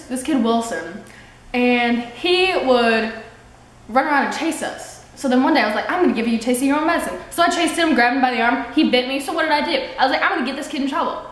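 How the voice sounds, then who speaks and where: A woman's voice: on the high side, a bit bright. A teenage girl vlogging, chatty and rambling as she tells childhood stories and acts out quotes. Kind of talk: casual storytelling vlog. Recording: very echoey room with faint background noise. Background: sewing machine noise.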